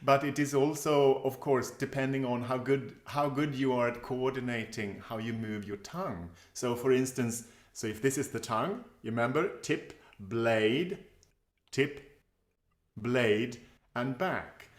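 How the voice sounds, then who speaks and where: A man of middle pitch talks through tongue positions, tip, blade and back, in casual conversation. He restarts his sentences often and picks his way through them. The recording has a noticeable roomy echo. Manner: halting, with frequent restarts and chuckles. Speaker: phonetics expert explaining tongue positions. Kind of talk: casual explanatory chat.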